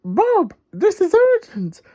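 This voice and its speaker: A man's voice: extremely high pitch, wildly swooping pitch, slow pace, mellow, highs cut off, pitched above the performer's own voice, full character voice. A man reading a storybook aloud and voicing a woman who urgently reads out a message in a raised voice.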